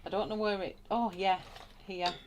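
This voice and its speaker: A woman's voice: mid-range voice, fairly even intonation, normal speed, a little hiss or hum. A woman hosting a live colouring tutorial, thinking aloud as she works and greeting viewers in the chat with frequent laughs. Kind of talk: live colouring demonstration, chatty.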